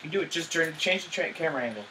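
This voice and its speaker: A young man quickly telling a friend how to play a game level. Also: fairly high pitch, expressive, heavy background noise. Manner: quick, instructive, bossy with tips. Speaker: friend giving game advice. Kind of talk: casual let's-play chat.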